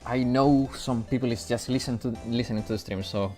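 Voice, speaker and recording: A man's voice: medium pitch, fairly quick, few pauses, dark tone, soft background music. A man chatting casually as he streams a game, laughing at himself and stumbling over his words. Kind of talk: live gaming commentary.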